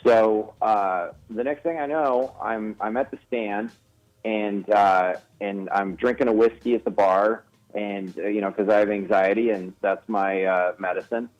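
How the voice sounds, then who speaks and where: A man's voice: lowish voice, fairly even intonation, a little slow. Rambling man telling a comedy story. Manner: self-deprecating, rambling with restarts and laughs. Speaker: guest comedian. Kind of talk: casual radio interview storytelling. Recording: slightly dull radio broadcast audio.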